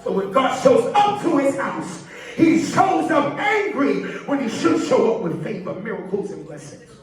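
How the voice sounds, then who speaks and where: Male preacher, high pitch, call-and-response sermon, very echoey, distant mic. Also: very animated, normal speed. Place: large church sanctuary. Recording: echoey church, far from mic, congregation.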